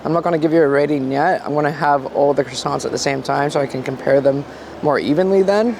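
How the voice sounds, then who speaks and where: Gravelly, high-voiced man vlogging outdoors. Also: little pitch movement, quick pace. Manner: playful, reviewing pastries as he eats. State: stuffy nose. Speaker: food vlogger in costume. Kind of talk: casual food vlog narration.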